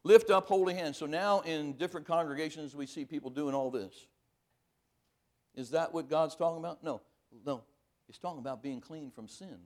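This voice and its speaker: A man preaching a sermon, reading scripture aloud and pressing each point hard, then dropping to quiet asides. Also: on the high side, moderate pace.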